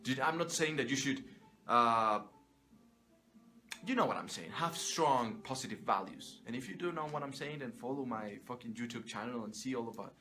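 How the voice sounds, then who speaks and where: A man's voice: medium pitch, animated, normal speed, pushed and bright, soft background music. A man giving an emphatic, profane motivational monologue, repeating himself for emphasis. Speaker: motivational speaker.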